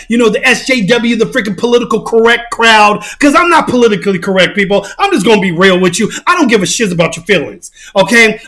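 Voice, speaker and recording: A man giving a mocking, emphatic rant as reaction commentary on his channel, often bursting into shouts. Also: very high voice. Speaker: channel host.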